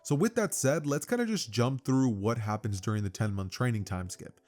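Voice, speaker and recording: A man's voice: mid-range voice, lively intonation, moderate pace, a little mellow. A young man casually narrating a fan-fiction story for his channel, rambling with lots of fillers. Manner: loose, filler-heavy, rambling. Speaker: YouTube storyteller.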